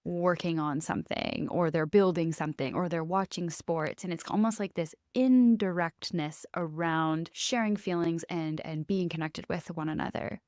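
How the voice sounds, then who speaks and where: A woman's voice: on the low side, normal speed, hardly any pauses, darkish tone, no room sound, studio quality. A woman hosting a podcast, asking questions in a chatty, casual way with lots of "like.". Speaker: podcast host. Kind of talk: casual interview chat.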